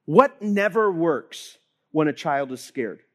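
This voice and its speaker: A man's voice: a little high, lively intonation, takes it slowly, fairly bright tone. A man in his thirties preaching a sermon to his congregation, telling stories with animation and acting out the voices of the people he quotes. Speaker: pastor.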